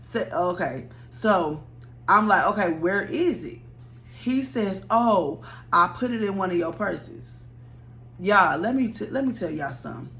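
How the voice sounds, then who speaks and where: Animated woman telling a story time. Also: medium pitch, vocal fry. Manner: animated, blunt, swears freely, addresses viewers directly.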